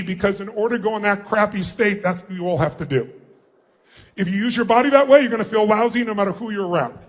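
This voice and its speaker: High-pitched man coaching a huge crowd. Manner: commanding, coaching a crowd, often yelling. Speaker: motivational speaker. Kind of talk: live seminar address to a large crowd. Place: large hall with thousands of people.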